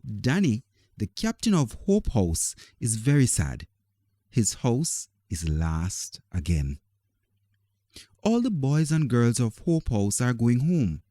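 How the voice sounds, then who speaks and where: A man reading a children's story aloud in a gentle, expressive, deliberate way. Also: medium pitch, dry recording, clean studio sound.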